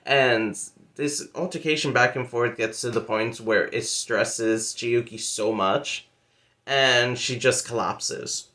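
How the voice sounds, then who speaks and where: In a laid-back book vlog, a man with a medium-pitched, sharp-toned voice speaks slowly while retelling a story. He's chatty and loose, sprinkling in fillers like "like" and "pretty much" along with playful asides, as part of his casual monthly reading wrap-up.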